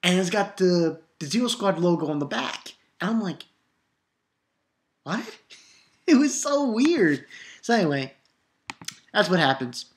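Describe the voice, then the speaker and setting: A woman giving a casual, excitable manga review, laughing often and acting out lines. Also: lowish voice, moderate pace.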